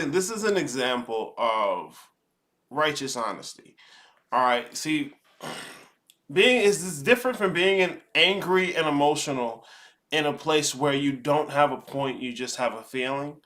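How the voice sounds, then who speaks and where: A man hosting a stream, reacting to a clip and talking casually with his chat, relaxed and thoughtful. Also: medium pitch. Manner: relaxed, thoughtful, says um often. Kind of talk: casual commentary to a live chat.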